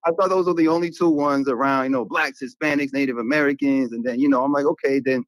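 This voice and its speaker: Dominican man, fast and rambling, lots of fillers, middle-pitched voice, close and dry. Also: steady tone, no echo, poor audio. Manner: rambling, heavy on fillers, profane. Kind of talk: casual discussion.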